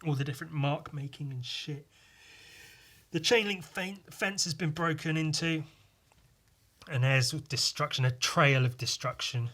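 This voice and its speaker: Young guy rambling about his old drawings, swears a lot, bright voice. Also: mid-range voice, fairly even intonation, moderate pace. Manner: self-mocking, swearing, rambling. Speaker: vlogger. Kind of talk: casual commentary.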